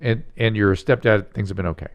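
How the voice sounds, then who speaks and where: A man's voice: fairly low pitch, a little fast. A man hosting a casual interview, asking curious follow-up questions.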